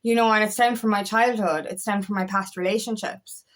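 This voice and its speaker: A woman's voice: medium pitch, fairly even intonation, brisk. A woman in her thirties who is a life coach, talking frankly in a casual motivational monologue, swearing freely and often repeating her words. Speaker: feminine empowerment coach.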